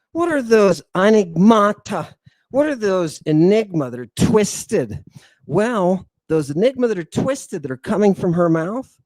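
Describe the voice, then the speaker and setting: A middle-aged man hosting a lecture for an online audience, theatrical and sighing, swinging from booming declarations to muttered asides. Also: darkish tone, no echo. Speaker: host.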